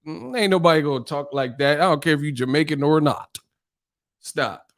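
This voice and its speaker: A man's voice: on the high side, normal speed. Profane, joking man livestreaming about boxing. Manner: profane, joking, laughs often, mimics voices. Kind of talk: casual livestream chat reading viewer comments.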